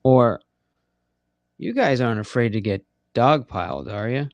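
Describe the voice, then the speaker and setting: A man with a medium-pitched, animated voice speaks at a measured pace, recorded with no room sound. Hosting a late-night live audio chat room, he rambles and swears freely, talking directly and conversationally to listeners.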